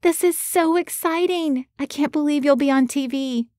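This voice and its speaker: A woman voicing an excitable young female office assistant who talks eagerly. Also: fairly high pitch, fairly quick, dry recording, clean studio sound, voice pushed up, lightly acted. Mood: excited. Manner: bubbly, eager.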